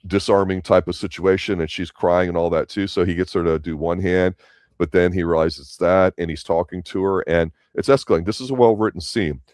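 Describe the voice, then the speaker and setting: Deep-voiced, measured man reviewing a show. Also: fairly even intonation, a little mellow, no room sound, clean studio sound. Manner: measured and opinionated, breaks down scenes analytically. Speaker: podcast co-host. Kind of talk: casual review chat.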